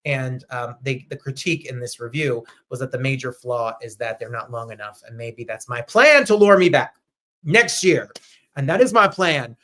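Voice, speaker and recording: A man hosting a live online show, chatting casually and animatedly, with sudden jumps to loud, high outbursts. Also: expressive, normal speed. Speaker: host. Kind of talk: casual livestream chat.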